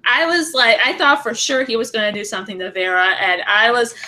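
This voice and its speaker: Bright, chatty woman podcast host. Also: on the high side, brisk, low-quality recording. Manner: enthusiastic, chatty, animated reactions. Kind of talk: casual podcast interview.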